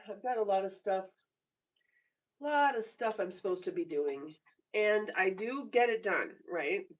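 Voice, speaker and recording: Woman, 40s, unhurried teasing live-stream chatter, laughs a lot, mic set back a little. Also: mid-range voice, far from the mic. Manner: chatty, teasing, laughs often, reads viewer comments aloud. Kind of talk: casual live stream chat. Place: home bedroom.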